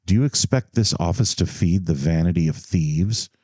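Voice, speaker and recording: A man's voice: low-pitched, expressive, normal speed, a little mellow, no room sound. A man voicing a stern older businessman who speaks severely and dryly. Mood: reproachful. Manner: severe, reproachful, dry.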